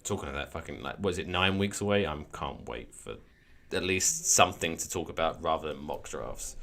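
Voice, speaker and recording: A man's voice: very deep voice, brisk, vocal fry, fairly bright tone, slight background noise. A man co-hosting a podcast in casual chat, rambling and restarting his thoughts, swearing now and then. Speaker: podcast co-host.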